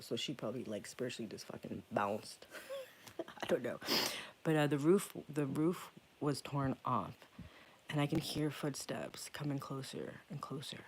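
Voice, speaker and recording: A man talks straight to camera in a loose, rambling vlog, swearing freely as he goes. His voice sits at an ordinary middle pitch and keeps slipping into a hushed whisper. A faint hiss of noise runs under the recording. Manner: profane, rambling, often drops to a hushed whisper. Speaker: occult channel host. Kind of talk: casual vlog storytelling.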